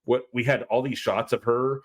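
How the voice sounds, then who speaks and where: A man co-hosting a podcast, with a middle pitch, chats casually into a close mic. He is blunt and dismissive, mocking what he watched. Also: steady tone, moderate pace. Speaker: podcast co-host. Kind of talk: casual review chat.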